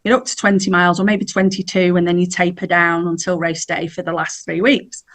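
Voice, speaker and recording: A woman's voice: lowish voice, little pitch movement, a little fast, fairly bright tone. A middle-aged woman, telling a personal story in a chatty way as a podcast guest and laughing now and then. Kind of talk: casual storytelling.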